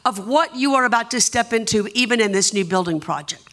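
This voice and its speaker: A woman with a Southern US accent, a guest preacher delivering an impassioned sermon in a church, urging the congregation and building to shouts. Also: on the high side, expressive, brisk. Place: church sanctuary.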